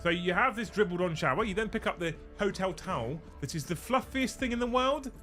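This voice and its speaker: British male streamer, casual comic rant, swears a lot, voice sits a little high. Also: a little fast, faint music behind. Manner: animated, swears freely. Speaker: streamer host.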